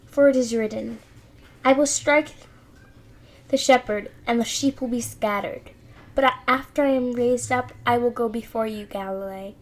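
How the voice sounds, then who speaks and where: High-voiced woman reading scripture. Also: darkish tone, rough recording. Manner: earnest reading with small restarts. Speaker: Bible reader.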